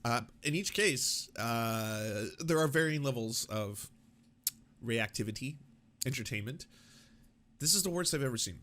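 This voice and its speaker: A man in casual reaction commentary, swearing freely and mocking what he watches. His voice sits at an ordinary pitch and moves between sarcasm and rant. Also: measured pace. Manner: profane, animated, mocking asides. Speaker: political commentary host.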